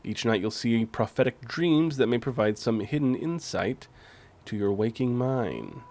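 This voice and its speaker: A man's voice: mid-range voice, very animated, measured pace, a little mellow, slight background noise. Casually swearing male game streamer. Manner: swears casually, reads on-screen text aloud.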